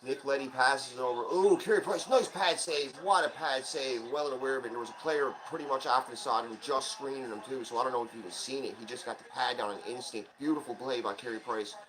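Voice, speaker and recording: A man of ordinary pitch runs a relaxed live commentary over a hockey game, speaking like a fan who is pulling hard for his team. He bursts into quick, excited play-by-play when the action heats up, then drifts back into chatty asides and small self-corrections. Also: poor audio. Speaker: channel host, fan commentator. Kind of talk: casual live game watch-along commentary.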